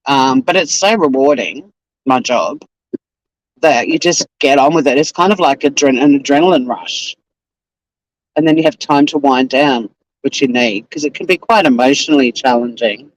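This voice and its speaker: A man's voice: mid-range voice, moderate pace, dry recording, low-quality recording. Chatty Australian man driving to work. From Tasmania, Australia. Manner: chatty and rambling, with frequent fillers and restarts. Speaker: YouTuber reacting live while driving to work. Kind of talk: casual live-stream chat. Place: in a car on the drive to work. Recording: faint car road noise.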